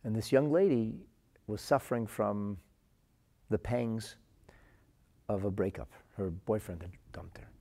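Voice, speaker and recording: A man's voice: fairly low pitch, unhurried, long pauses, warm tone. A man giving a spoken religious lesson, telling stories earnestly and often repeating his words. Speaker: Torah teacher.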